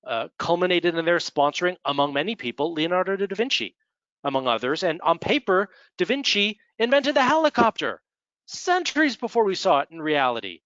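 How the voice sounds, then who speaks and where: With a high, sing-song voice that moves fairly quickly, this American man from the Midwest presents slides conversationally at an executive development webinar, adding dry humor along the way. His tone is a bit bright, and the audio is dull but free of echo.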